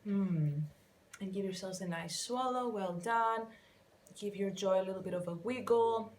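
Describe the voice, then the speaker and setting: Gentle woman leading a vocal warm-up. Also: mid-range voice, unhurried, a little hiss or hum. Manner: gentle, encouraging, counts and demonstrates exercises. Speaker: vocal coach. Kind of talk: guided vocal warm-up instruction. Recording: faint piano underneath.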